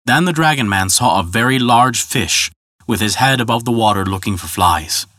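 Man, storyteller, bright tone, dry close sound, measured scripted narration. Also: mid-range voice, lively intonation, no room sound.

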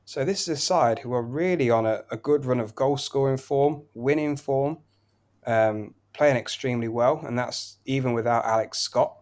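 A man runs through his football betting picks at a brisk clip, listing scores and odds in long, flowing runs. His voice sits at an ordinary middle pitch, and his delivery stays casual and conversational. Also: darkish tone. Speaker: betting podcast co-host. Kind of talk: casual betting tips chat.

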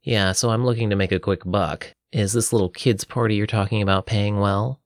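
A man's voice: fairly low pitch, steady tone, fairly quick, dry recording, studio quality, lightly acted. A man voicing a scrawny, cheeky male wizard in a storybook reading, with a raised, teasing voice. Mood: sly.

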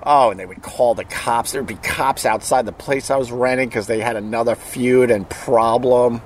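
A man's voice: medium pitch, fairly even intonation, moderate pace, a little hiss or hum. A middle-aged man hosting a show, telling a rambling story in a casual, profane way and chuckling as he goes. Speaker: podcast host.

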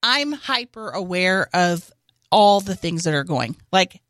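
A woman's voice: on the low side, very animated, measured pace, a bit bright, no room sound, studio quality. A woman co-hosting a casual comedy podcast, wry and analytical. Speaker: podcast co-host. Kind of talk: casual chat.

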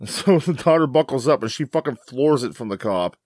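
A man's voice: mid-range voice, animated, brisk, darkish tone, no room sound, clean studio sound. A man chatting casually about a film, wry and swearing freely. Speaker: podcast co-host. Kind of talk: casual chat.

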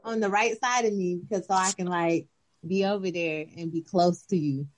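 A woman's voice: on the low side, fairly even intonation, normal speed, a crowd in the background. Woman, playful, chatty, casual podcast talk. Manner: playful, chatty, laughs often. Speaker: podcast co-host. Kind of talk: casual chat.

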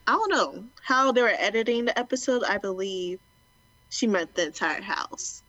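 A woman co-hosting a casual chat, reasoning through her points in a measured way. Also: medium pitch, lively intonation, bright, forceful tone, no echo, lo-fi sound. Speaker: podcast co-host.

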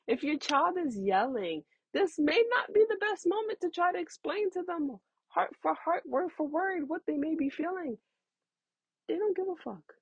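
A woman's voice: very high voice, animated, normal speed, few pauses, no echo, lo-fi sound. A woman in her thirties giving frank, conversational parenting advice, calling the listener honey. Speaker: parenting talk host. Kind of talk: casual advice talk.

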